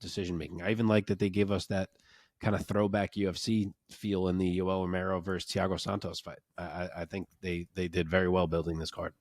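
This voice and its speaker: A man's voice: low-pitched, level tone, fairly quick, darkish tone, dry recording. A man co-hosting a casual sports podcast, analytical and enthusiastic, often restarting his sentences.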